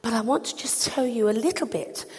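A woman giving an animated, expressive children's talk in church. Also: on the high side, a little fast, breathy edge, long reverb tail.

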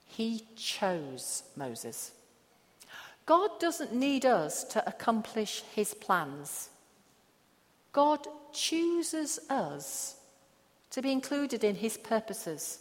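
A woman pastor preaching a sermon, slow and emphatic with long pauses. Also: on the high side. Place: church hall. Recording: echoey hall.

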